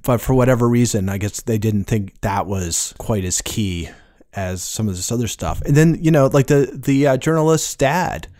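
Guy rambling thru a movie critique, mid pitch, lots of "like, kind of", dry sound. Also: moderate pace, darkish tone, no echo. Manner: rambling, lots of hedging fillers. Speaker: podcast co-host. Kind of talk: casual film review chat.

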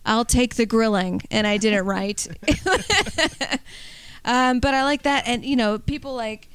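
A woman with a smooth, clear voice set a little high. She chats in a wry way, close and dry on the mic. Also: expressive, slow pace, a bit bright, dry recording. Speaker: podcast co-host, comedian. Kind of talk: casual chat.

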